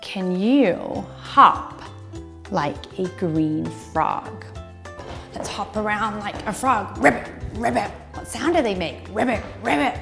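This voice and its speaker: A woman teaching young children at a virtual circle time, speaking slowly in a sing-song, encouraging way. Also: mid-range voice, lively intonation, vocal fry, a bit bright, faint music behind. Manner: sing-song, slow and encouraging, talks to little kids. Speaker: preschool teacher.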